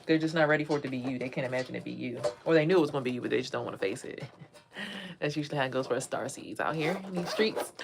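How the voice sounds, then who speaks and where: A woman's voice: low-pitched, fast, gravelly, a little hiss or hum. Chatty woman reading tarot on a livestream. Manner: chatty, addresses viewers as y'all, drifts between reading and asides. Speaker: tarot reader.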